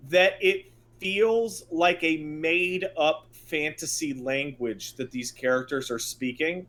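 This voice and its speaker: Higher-voiced man, unhurried delivery, cursing co-host in loose banter. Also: fairly bright tone. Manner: profane, exasperated riffing. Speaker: podcast co-host. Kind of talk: casual chat.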